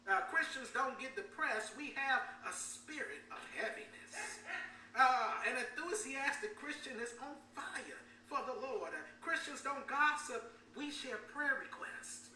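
A woman's voice: high-pitched, measured pace, sharp tone. A woman pastor preaching a sermon in a church, often repeating her words and calling out for amens from the congregation. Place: church sanctuary. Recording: echoey room, distant mic, faint hum.

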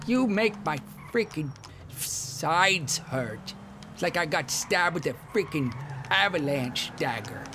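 A man's voice: on the high side, animated, background noise, pitched above the performer's own voice. A man voicing a whiny male hacker friend who groans and drags out his words. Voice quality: drawn-out whining groans.

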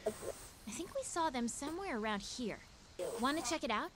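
A woman's voice: high-pitched, lively intonation, moderate pace, heavy background noise. A woman voicing an upbeat young female guide in a monster-hunting video game, giving chirpy instructions. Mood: instructive. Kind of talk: in-game character dialogue.

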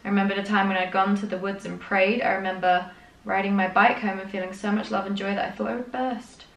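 A woman's voice: medium pitch, level tone, quick pace, fairly bright tone. Chatty woman reading aloud, roomy and distant. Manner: chatty, laughing often between readings. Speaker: podcast co-host. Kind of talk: casual chat, reading a journal aloud.

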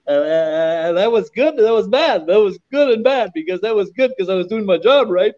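A lively male storyteller from Canada who is a guest on a podcast, repeating phrases for emphasis. His voice sits high, and the recording is dull and lo-fi. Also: unhurried. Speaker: podcast guest, former wrestler. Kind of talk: animated storytelling. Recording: dull lo-fi audio.

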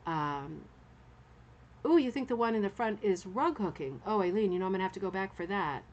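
A woman's voice: mid-range voice, animated, fairly quick, dull audio. A woman hosting a casual live stream, musing aloud about artworks and answering viewer comments as she thinks. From Canada. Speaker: host of a rug hooking club show.

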